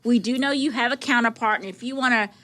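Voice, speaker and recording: Bright, high-pitched gushing woman co-host. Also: fast talker. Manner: gushing, rambling, Southern "y'all". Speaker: podcast co-host. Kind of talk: casual chat.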